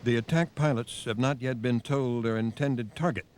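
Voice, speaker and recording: A man's voice: medium pitch, a little mellow. Grave male documentary narrator. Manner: measured, grave delivery. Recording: faint noise on a VHS broadcast.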